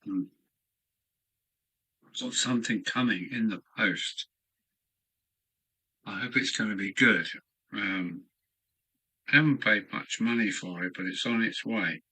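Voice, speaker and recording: A man's voice: lowish voice, takes it slowly, long pauses, sharp tone, husky, rough recording. An older man from England, musing aloud to himself in a rambling live-stream chat from his home hobby room. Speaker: model railway streamer.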